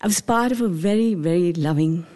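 A woman in her forties from India with an Indian accent, telling a personal story in a measured, halting way with short pauses between phrases. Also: fairly low pitch, dark tone. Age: 40s.

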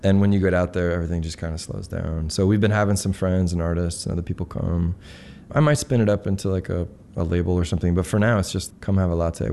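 A man's voice: low voice, gravelly, dark tone, slight background noise. A middle-aged man from Colorado, a musician guest in a casual interview chat, talking in a laid-back, rambling way full of fillers.

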